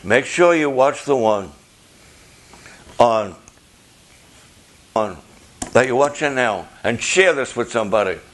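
An older man preaching a sermon as a pastor, passionate and loud, firing off rhetorical questions. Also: medium pitch, expressive, slow, long pauses.

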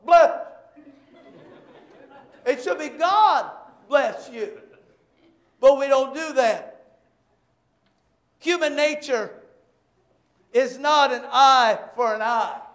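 A male pastor preaching with a very high-pitched voice, caught in a roomy, echoing church. He tells homey stories and breaks into shouted bursts. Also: slow pace, pauses often, a faint crowd. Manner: animated storytelling with shouted bursts. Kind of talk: sermon.

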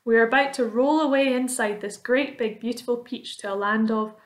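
A gentle female ladybird from a storybook, voiced by a woman reader. She speaks kindly and calmly, in a slightly high, soothing voice. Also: normal speed, reverberant, close to an everyday voice. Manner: soothing, reassuring.

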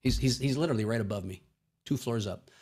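A man's voice: medium pitch, fast talker, darkish tone, slightly rough. A male pastor preaching a sermon in a folksy, joking way, acting out everyday conversations.

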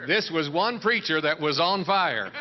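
A man's voice: on the high side, animated, unhurried. A man, a pastor, telling a funny story to a crowd in an easygoing way. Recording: lo-fi 1980s broadcast, crowd noise.

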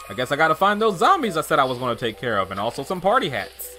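A man giving casual gameplay commentary, chatty and animated, thinking aloud as he plays. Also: a little high, fast, few pauses, soft background music. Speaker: let's play gamer.

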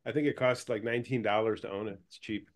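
A man on a panel show, joking and explaining his gear in casual talk, often trailing off quietly. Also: lowish voice, fairly even intonation, fast. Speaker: panel guest. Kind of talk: casual tech chat.

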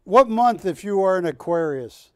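High-voiced, joking TV sales host. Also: male voice, normal speed, no room sound. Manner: joking, animated, teasing co-hosts. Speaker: shopping channel host. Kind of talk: live sales pitch.

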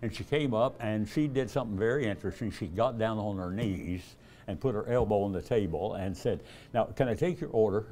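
Fairly low and dark in tone, with a little hiss or hum, the voice moves fairly quickly. An older evangelist delivers a storytelling sermon, folksy and chuckling often, acting out dialogue at a raised volume.

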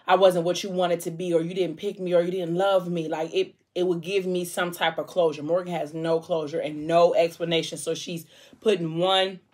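A woman hosting a casual book chat at home, retelling a story with strong emotion and dropping her voice soft at the sad parts. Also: fairly low pitch. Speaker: vlog host discussing a book.

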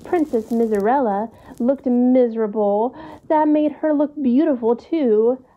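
A woman calmly and expressively reading a children's story aloud. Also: fairly high pitch, a little slow, narrow, tinny audio. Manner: calm, expressive read-aloud.

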